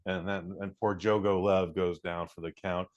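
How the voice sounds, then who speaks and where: A man's voice: low voice, level tone, normal speed, lo-fi sound, background noise. A man co-hosting a podcast in casual banter, a rambling storyteller who laughs easily. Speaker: podcast co-host.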